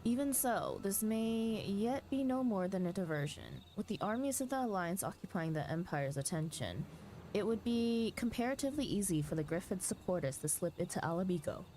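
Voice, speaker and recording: A woman voicing an earnest young male strategist who lays out plans in a measured, urgent way. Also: mid-range voice, very animated, mellow, slight background noise, voice pushed up, natural voice. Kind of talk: reading game dialogue aloud.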